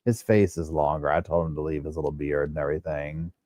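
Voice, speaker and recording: A man's voice: a bass voice, level tone, fast, mellow, no echo. A man hosting a true crime livestream, chatting casually and rambling in a drowsy way.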